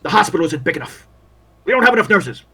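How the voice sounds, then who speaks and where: A man's voice: sits high, very animated, fast, sharp tone, slightly rough, voice pushed up, exaggerated voice. A man voicing a weary, bitter male army officer at a field hospital, who grumbles and then bursts out in complaints. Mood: exasperated. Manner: bitter, complaining, with rising outbursts.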